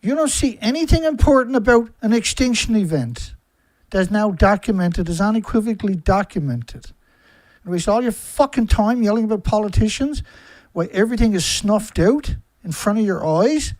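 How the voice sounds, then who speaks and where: A man delivering an angry, profane monologue to camera, firing rhetorical questions that build from low and subdued to loud shouting. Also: expressive, normal speed, dry recording, low-quality recording. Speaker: environmentalist video commentator.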